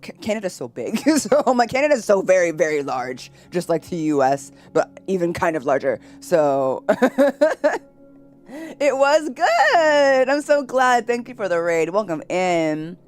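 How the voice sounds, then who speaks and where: A woman streamer chatting casually with her live viewers, giggly and bubbly, switching between loud excited greetings and quiet asides. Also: on the low side, faint music behind. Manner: bubbly, giggly, quick to laugh.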